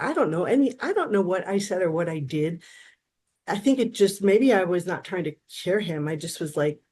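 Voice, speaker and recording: Lady therapist in her 50s, kinda low voice, animated storytelling, faint hiss behind. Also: moderate pace. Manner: animated, acts out quoted dialogue, frequent restarts. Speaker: therapist, guest. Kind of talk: casual storytelling interview.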